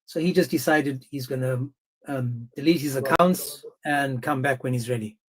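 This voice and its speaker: A man hosting a debate livestream, talking in a brisk, informal way and cutting in to steer the chat. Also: mid-range voice, husky, low-quality recording. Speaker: livestream host. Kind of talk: casual debate-stream hosting.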